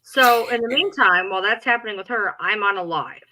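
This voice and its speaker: Bright, emphatic woman. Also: medium pitch, a little fast, poor audio. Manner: indignant, profane, emphatic. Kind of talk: casual chat.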